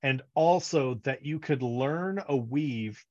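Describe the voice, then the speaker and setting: A man's voice: medium pitch, slow, a little mellow, highs cut off. A man co-hosting a podcast, chatting casually about a book series and acting out characters' lines in funny voices. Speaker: podcast co-host.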